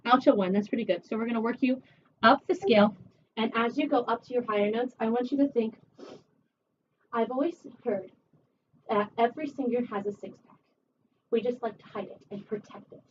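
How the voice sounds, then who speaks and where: A woman voice teacher giving a one-on-one singing lesson, chatty and encouraging, her voice a little rough from a recent cold. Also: on the high side, fairly quick, pauses often. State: recovering from a cold. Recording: distant, dull camera audio with faint hiss.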